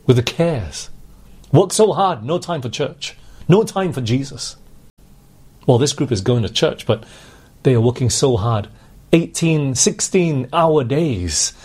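A man's voice: medium pitch, darkish tone, breathy edge. A man preaching a sermon, earnestly putting questions to his congregation.

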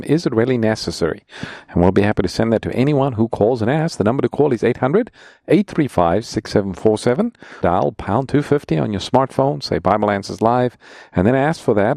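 A man's voice: medium pitch, darkish tone, no room sound, studio quality. A man co-hosting a call-in Bible radio program, introducing callers and offering a study book in an upbeat announcer manner.

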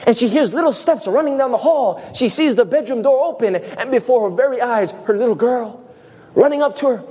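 Male preacher with a high-pitched voice, emphatic sermon delivery. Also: animated, warm tone, slightly rough. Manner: emphatic preaching, dramatic pauses, acts out quoted voices.

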